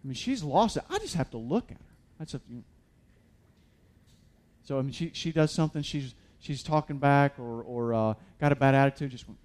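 A pastor preaches a sermon in a medium-pitched, darkish voice with lively intonation and a moderate pace. He stays conversational, with many fillers and restarts, building up to emphatic peaks.

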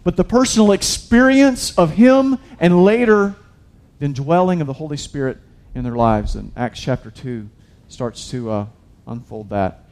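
A man's voice: fairly high pitch, moderate pace, a little mellow. A man preaching a sermon in a casual, conversational way, talking to the congregation directly and restarting his sentences often. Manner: conversational preaching, addresses listeners as guys, many restarts. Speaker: pastor.

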